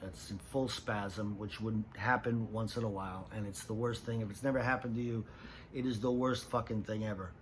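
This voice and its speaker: A male actor telling a profane, animated anecdote about a film shoot. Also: fairly low pitch, moderate pace, a little hiss or hum. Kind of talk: anecdote told to an audience.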